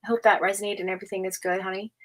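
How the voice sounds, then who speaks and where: A woman's voice: medium pitch, flat delivery, racing, a bit bright, low-quality recording. A woman doing a casual live-stream tarot reading, chatty and gushing with lots of fillers. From United States. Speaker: tarot reader.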